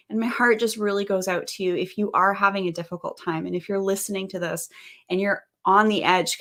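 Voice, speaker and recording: Woman podcast host, mid pitch, earnest and upbeat, leans hard on key words. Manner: earnest, upbeat, lively emphasis. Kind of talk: hosted interview podcast.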